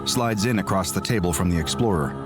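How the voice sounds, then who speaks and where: A man with a fairly low voice narrates a scripted, suspenseful story, measured and steadily building tension. Music plays clearly behind him.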